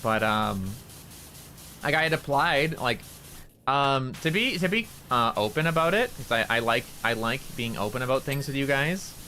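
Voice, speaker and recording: A man's voice: mid-range voice, expressive, moderate pace, bright, forceful tone, slight background noise. A man streaming a game, chatting casually in a rambling, candid way and swearing freely. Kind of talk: casual chat while gaming.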